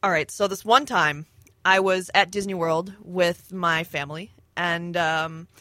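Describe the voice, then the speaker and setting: A woman telling a rambling story in casual chat, laughing often and filling pauses with ums. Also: on the low side, steady tone, sharp tone, dry recording. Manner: giggly, rambling with many fillers. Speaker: storyteller on a podcast.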